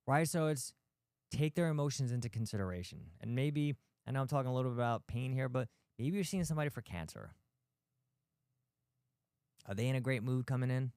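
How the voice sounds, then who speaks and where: Male host, medium pitch, smooth and crisp, dry close sound, blunt and emphatic delivery. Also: lively intonation, brisk, a little mellow, no echo. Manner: blunt, emphatic, rhetorical questions, mild swearing. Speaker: podcast host, physical therapist. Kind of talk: animated talk to practice owners.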